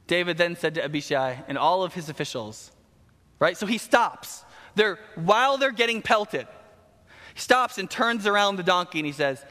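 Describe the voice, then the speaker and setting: A high-voiced man preaches a sermon, telling a Bible story with casual slang and lively energy. His voice rings through a large hall with a long reverb. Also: brisk.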